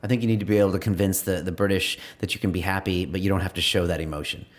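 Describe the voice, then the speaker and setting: A man's voice: low-pitched, steady tone, very fast. A man hosting an interview, asking questions in a casual, conversational way. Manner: conversational, with many "you know" fillers. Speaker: podcast host.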